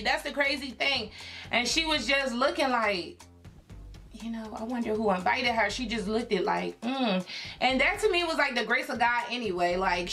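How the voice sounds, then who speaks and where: A young woman from Philadelphia telling a personal story in a casual vlog, chatty and animated, full of fillers and acted-out quotes. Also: fairly high pitch. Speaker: YouTube creator.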